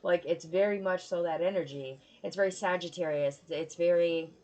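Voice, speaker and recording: A woman's voice: fairly low pitch, normal speed, darkish tone. A woman giving a casual tarot reading, talking bluntly and swearing freely in a chatty way. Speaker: tarot reader.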